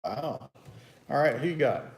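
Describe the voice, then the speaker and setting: A man's voice: mid-range voice, lively intonation, unhurried, a little hiss or hum. A man hosting a casual, teasing sports picks chat at home. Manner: chatty, teasing, loose and rambling. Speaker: host. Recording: echoey room.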